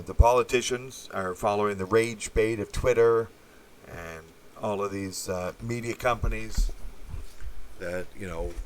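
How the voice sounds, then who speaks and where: Blunt, rambling man with a low voice. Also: a little hiss or hum. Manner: blunt, profane, meandering with many fillers. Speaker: channel host. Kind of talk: rambling opinion monologue.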